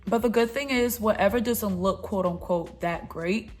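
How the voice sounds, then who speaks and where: Over soft background music, a young woman talks through a makeup tutorial at normal speed, her medium-pitched voice a bit dark in tone. As a beauty vlogger, she keeps the chat casual, playful, and encouraging toward her viewers.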